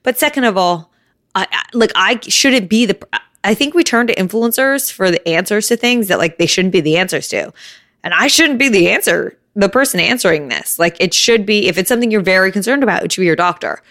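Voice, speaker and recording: A woman's voice: medium pitch, lively intonation, a little fast, fairly bright tone, no room sound, clean studio sound. A young woman hosting her own podcast, talking candidly and a bit out of breath, with frequent "like.". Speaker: podcast host. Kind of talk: casual solo podcast talk. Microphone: phone.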